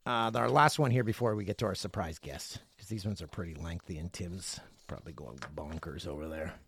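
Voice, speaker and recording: A middle-aged man from Canada hosts his podcast at home, reading out listener messages in a lively, joking, playful way. His deep voice has a breathy edge, and he talks fairly quickly.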